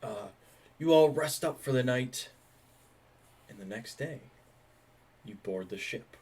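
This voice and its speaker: Laid-back game master, lively voice. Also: male voice, mid-range voice, slow, breathy edge. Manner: relaxed, filler-heavy narration. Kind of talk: narrating a tabletop game.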